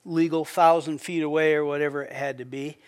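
Male pastor, high voice, relaxed sermon, stammering restarts, acts out prayers. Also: a little fast, clear, resonant tone. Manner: conversational, repeats words when starting sentences; acts out quoted prayers with a raised voice.

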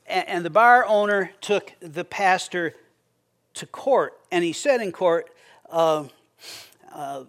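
A man's voice: sits high, lively intonation, slow pace, a bit bright. A man preaching a sermon in a conversational way, often repeating words as he starts a sentence and acting out quoted prayers. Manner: acts out quoted prayers with a raised voice. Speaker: pastor.

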